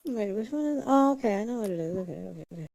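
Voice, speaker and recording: Rapid-fire and expressive, this woman's mid-range voice sounds gravelly and dark, captured dry with no echo but on a rough recording. She chats casually on her livestream, muttering to herself during setup and humming or singing nonsense syllables.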